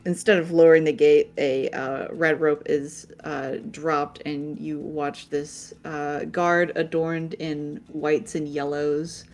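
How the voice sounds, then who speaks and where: A woman's voice: low voice, level tone, a little mellow. Giggly woman narrating as game master. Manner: halting, many fillers, giggly.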